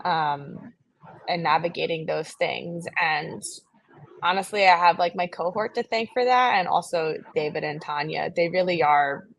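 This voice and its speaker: A young woman from New Jersey, a playwright, telling a story in an interview in a chatty, animated way. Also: lowish voice, measured pace, creaky, dry recording, dull audio. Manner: animated, chatty, many fillers and laughs. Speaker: playwright guest.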